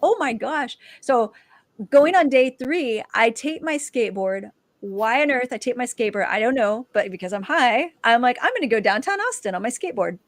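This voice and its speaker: A woman's voice: fairly high pitch, brisk, dry recording. Woman telling her testimony, acting out dialogue. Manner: lively, acts out quoted dialogue. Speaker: guest, dancer and author. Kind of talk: personal testimony storytelling.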